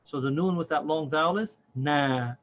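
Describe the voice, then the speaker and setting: A man teaching a reading lesson step by step, patient and deliberate, drawing out each syllable slowly. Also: a little high. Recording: slightly dull audio with faint noise.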